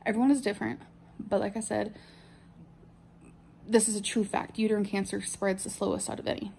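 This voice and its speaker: A woman's voice: mid-range voice, little pitch movement, a little fast, gravelly, dark tone, slight background noise. A woman giving a chatty, matter-of-fact personal health update to her viewers. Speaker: vlogger sharing a health update.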